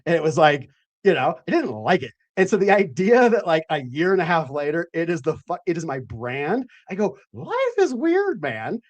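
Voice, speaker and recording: Animated, swearing male host. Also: fairly high pitch, a little fast. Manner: animated, profane, rambling. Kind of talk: casual chat.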